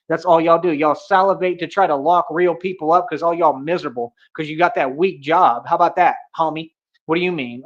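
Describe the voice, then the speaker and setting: A man's voice: fairly high pitch, fairly quick, muffled recording. A young American man streaming a casual rant. He is boastful and confrontational, and he talks in street slang. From United States.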